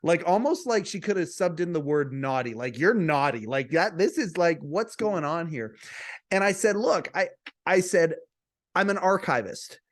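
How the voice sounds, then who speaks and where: A man's voice: sits high, expressive, normal speed. A man who hosts a podcast, telling a personal story to camera in a chatty way, often repeating words and restarting. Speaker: podcast host.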